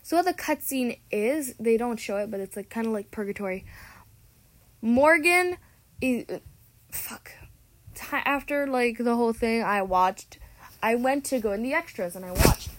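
A woman's voice: fairly high pitch, animated, normal speed, no echo. Chatty, sarcastic teen girl vlogger. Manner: chatty, dramatic and sarcastic, with frequent self-corrections. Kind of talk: casual rant to camera. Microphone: tablet microphone.

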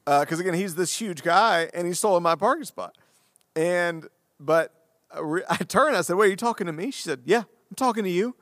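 Animated storytelling pastor, dry close mic. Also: male voice, high voice, brisk, dry recording. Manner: animated and self-deprecating, acting out the dialogue. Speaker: pastor and podcast co-host. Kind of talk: casual conversational storytelling.

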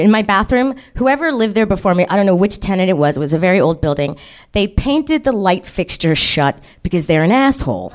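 A woman telling a comic ghost story to an audience, animated and profane, often laughing as she talks. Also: mid-range voice.

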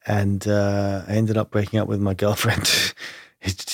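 A man's voice: fairly low pitch, steady tone, normal speed, gravelly, no echo, clean studio sound. A man speaking as an interview guest, reflective and earnest, thinking aloud with many "you know" and "like" fillers. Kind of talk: candid conversational interview.

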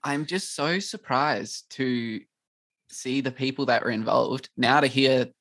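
A man with a bright, forceful voice thinks aloud in a casual podcast chat. He hedges his views and circles back to them. The sound is dry and close. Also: medium pitch, measured pace, no room sound. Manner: thoughtful, hedging, many fillers and restarts. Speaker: podcast co-host.

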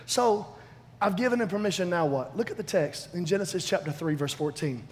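A man preaching a sermon, animated and emphatic, swinging between loud declarations and hushed asides. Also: high-pitched, fairly quick. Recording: long hall reverb, faint background noise.

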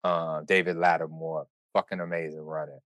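A man hosting a podcast, telling a story in casual chat with animated, profane, run-on delivery. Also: a bass voice, moderate pace, dry recording. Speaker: podcast host.

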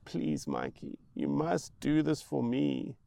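A man's voice: medium pitch, wildly swooping pitch, takes it slowly, vocal fry, warm tone, no echo, studio quality, voice pushed up, heavily acted. A man voicing a distraught mother who pleads and then screams frantically. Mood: desperate. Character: desperate distraught mother, breaking into shrieks.

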